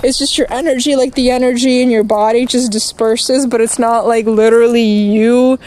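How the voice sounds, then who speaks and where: A woman streaming outdoors, delivering a rambling, profane rant and quickly getting angry. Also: on the high side, fairly even intonation, darkish tone, slight background noise, poor audio. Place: outdoors, walking past litter and traffic.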